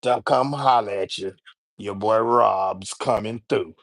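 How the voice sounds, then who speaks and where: A livestream host talks loosely and rambles from one topic to the next, stumbling over repeated words while chatting with his viewers. His voice is on the low side with vocal fry, and he takes it slowly. The recording is dry, and the room sounds close.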